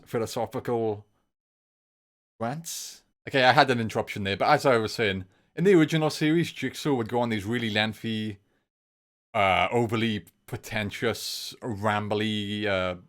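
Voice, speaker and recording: A man's voice: lowish voice, moderate pace, a bit bright. A man giving a long, rambling solo film review, informal and enthusiastic, circling back to repeat his points over and over.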